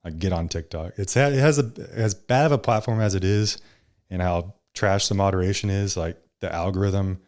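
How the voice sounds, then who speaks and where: A young man talks as a podcast guest in a laid-back, casual way. His voice sits a bit low, and he calls his own delivery monotone. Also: normal speed. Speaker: podcast guest, social media creator.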